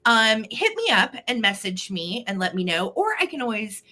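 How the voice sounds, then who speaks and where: A woman's voice: fairly high pitch, very animated, moderate pace, pushed and bright. Bubbly woman hosting a live sale. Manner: bubbly, greets viewers by name. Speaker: host of a live online vintage sale. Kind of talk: casual live-stream chat.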